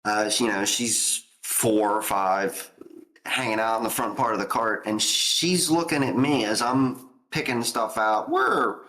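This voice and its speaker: Animated man telling stories on a podcast. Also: lowish voice, measured pace. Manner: animated storyteller who laughs often. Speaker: podcast host. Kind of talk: casual chat.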